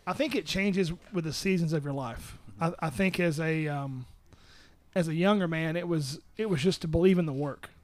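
A man's voice: a little high, normal speed. A young man with a Southern US accent, a musician guest telling rambling, self-correcting stories in casual interview chat. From Southern United States.

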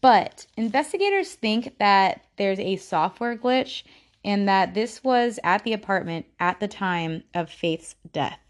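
A woman hosting a true-crime podcast, talking casually in a halting way with frequent restarts and fillers. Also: medium pitch, animated. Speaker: podcast host.

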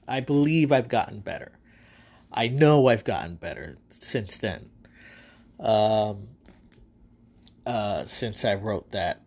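A man's voice: mid-range voice, husky. A man hosting a podcast, casually recapping his own stories in a loose, rambling way with frequent fillers and swearing. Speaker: podcast host. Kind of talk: casual storytelling monologue.

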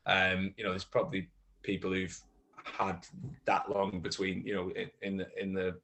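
Halting low-voiced man, casual chat. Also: little pitch movement, creaky, a bit bright. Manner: halting, many restarts, gets emphatic giving advice. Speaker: guest actor.

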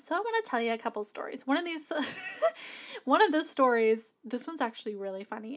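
A woman with a slightly high voice and lively intonation talks fairly quickly on her own podcast. As a business coach, she's chatty, upbeat and encouraging, laughing often in casual motivational talk recorded on a podcast mic plugged into an audio box.

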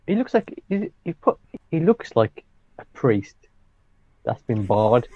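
A man's voice: mid-range voice, big pitch swings, slow pace, no echo. A man co-hosting a podcast, dropping dry, wry one-liners in casual banter. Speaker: podcast co-host. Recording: dull, dry lo-fi mic.

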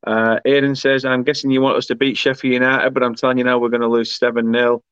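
A man's voice: medium pitch, level tone, fast talker, a bit bright, smooth, dry recording. Male host, casual and chatty, dry, muffled audio. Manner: chatty, laughs often, reads comments aloud. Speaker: podcast host reading viewer comments. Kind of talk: casual chat.

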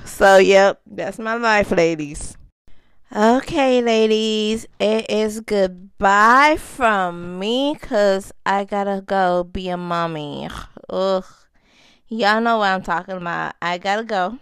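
A woman's voice: medium pitch, unhurried, fairly bright tone, clear, resonant tone, no room sound. A young woman hosting a casual chat podcast for mothers, chatty and laughing, stretching out phrases for emphasis. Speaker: podcast host.

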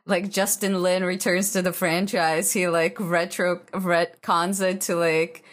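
Woman cohost on a movie podcast, slow talker, lower voice, dry and giggly, lots of like and um. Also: flat delivery. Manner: dry, laughing often, hedging with fillers. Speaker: podcast co-host. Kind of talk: casual movie-review chat.

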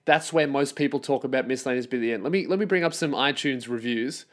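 A man's voice: mid-range voice, fast talker. A man, hosting a solo podcast and ranting in a profane, exasperated, sarcastic way. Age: 20s. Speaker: podcast host.

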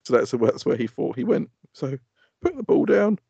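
A man's voice: a little high, moderate pace, gravelly, breathy edge, no echo, muffled recording. A man laughing, swearing, telling stories. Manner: animated storyteller, swears, laughs often. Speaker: podcast co-host. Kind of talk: casual chat.

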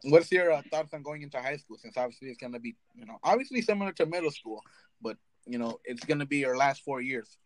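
A man's voice: mid-range voice, expressive, quick pace, rough recording. A young man hosting a casual podcast chat over a call, loose and joking, laughing often. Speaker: podcast host. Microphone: remote call.

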